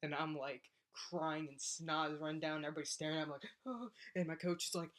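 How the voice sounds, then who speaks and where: Animated young woman telling a story. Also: deep voice, fast. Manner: animated, acts out voices in her story. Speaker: college athlete. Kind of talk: casual storytelling vlog.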